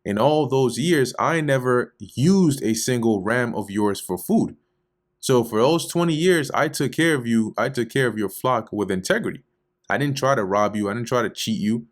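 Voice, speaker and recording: An indignant, exasperated shepherd, put on by a man who raises his voice well above his usual pitch. He sounds heated and challenging, snapping back in slangy, confrontational phrases. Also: moderate pace, natural voice. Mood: defensive.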